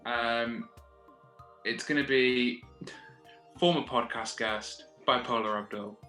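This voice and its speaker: A man's voice: mid-range voice, steady tone, slow pace, bright, forceful tone, faint music behind. A man co-hosting a podcast, dry and blunt, swearing casually. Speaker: podcast co-host. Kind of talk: casual chat. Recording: echoey room.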